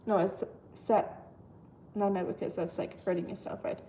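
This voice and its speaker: Warm and medium-pitched, this young German woman's voice stays steady at a moderate pace, with slight background noise behind it. She seems tired while hosting a casual livestream, reading viewer comments and rambling with plenty of fillers.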